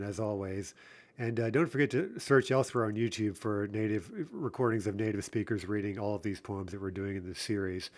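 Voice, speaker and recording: A man's voice: medium pitch, a little mellow. Chatty male teacher explaining a poem. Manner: conversational, many fillers and restarts, slows down to recite verse. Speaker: Russian literature teacher. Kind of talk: explanatory lesson with poetry reading.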